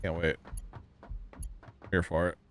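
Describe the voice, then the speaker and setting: A man with a lowish voice talks loosely to his stream chat while he plays, rambling and quick to laugh. A faint hum sits under his voice. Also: little pitch movement. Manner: chatty, rambling, thanks viewers and laughs easily. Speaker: livestreamer. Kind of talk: casual gaming livestream chat.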